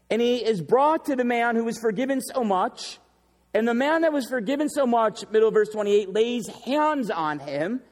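A man's voice: high voice, darkish tone. A man preaching a sermon as pastor, emphatic and repeating key phrases for effect. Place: church sanctuary. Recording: long reverb of a large hall.

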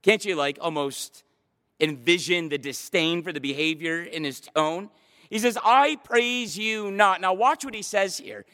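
A man's voice: a little high, moderate pace, pushed and bright. A man preaching a sermon from a church stage, speaking with passionate emphasis. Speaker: pastor. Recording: long hall reverb.

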